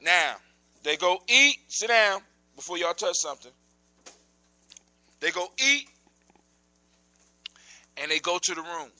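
A man telling a folk tale live to children in a lively, animated way, with sound effects and shouted outbursts. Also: high voice, slow pace, long pauses, low-quality recording. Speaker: storyteller. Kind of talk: live oral storytelling to children.

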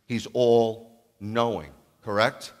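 A man preaching a sermon as a rabbi, animated, acting out loud calls and then dropping to a hushed voice. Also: lowish voice, slow. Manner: animated, acts out calls and shouts, then drops to near-whisper. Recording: long hall reverb.

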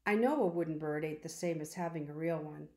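A woman reading aloud, voicing a shy, quiet boy who talks hesitantly in plain dialect. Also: sits low, a little fast. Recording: roomy echo.

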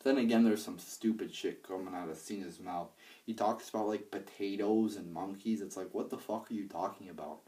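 Low, dark-voiced man rambling a wrestling review. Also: fairly quick, far from the mic. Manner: rambling, profane, many fillers and restarts. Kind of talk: casual spoken review. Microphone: handheld iPad.

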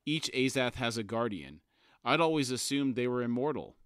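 A cool-headed young woman, level and matter-of-fact, read by a man in his own voice. Her words come out plain and unhurried, recorded close and dry. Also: medium pitch, lively intonation, fairly bright tone, no echo, natural voice. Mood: calm.

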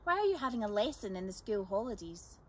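A woman voicing an excitable young boy who blurts out his thoughts. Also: medium pitch, fast, a little hiss or hum, lightly acted.

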